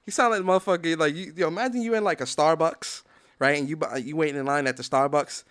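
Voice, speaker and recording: High-voiced man ranting on a gaming podcast. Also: fast, a bit bright. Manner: heated, profane, reads definitions aloud. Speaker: podcast host. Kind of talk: gaming commentary rant.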